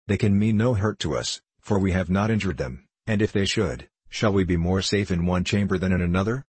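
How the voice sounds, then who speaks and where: A man reading the part of a pious, dutiful young princess in a measured, solemn way, with a husky voice. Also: sits low, darkish tone, no room sound. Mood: grave.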